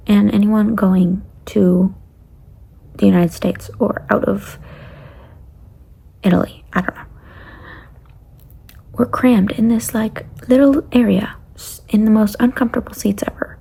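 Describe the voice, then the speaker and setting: A young woman vlogger telling a casual travel story, rambling along and often dropping to a breathy near-whisper. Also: medium pitch, fairly even intonation, measured pace, pauses often, dark tone.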